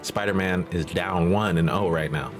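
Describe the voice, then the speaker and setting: Over soft background music, a low-voiced man talks at normal speed as he recaps a film's plot for his movie reaction channel. His banter is casual, slangy, profane, and streetwise.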